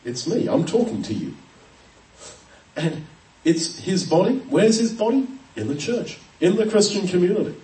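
Brief: male preacher, earnest expository sermon, mellow tone, miked from afar in a roomy space. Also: a little high. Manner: earnest, emphatic, with frequent restarts and ums. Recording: echoey room, voice from a distance.

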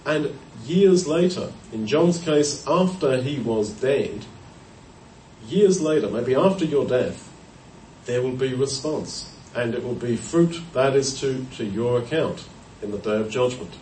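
A man of mid pitch delivers a Bible teaching sermon, working through verses in a measured, explanatory way with pauses and small self-corrections. He sounds set back from the microphone in a roomy space with a faint hiss underneath. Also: expressive, a little mellow. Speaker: preacher. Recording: roomy, distant mic, faint background noise.

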